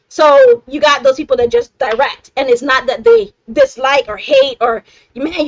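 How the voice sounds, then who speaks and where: A woman's voice: high voice, a bit bright, dry recording, highs cut off. A middle-aged woman hosting a live self-help stream, talking casually and emphatically, laughing often and checking in with "right?".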